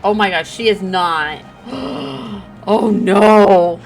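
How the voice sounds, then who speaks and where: A woman's voice: mid-range voice, extremely slow, creaky, soft background music. A young woman streaming a game, chatting and reacting aloud with gasps and exclamations. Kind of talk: casual game commentary.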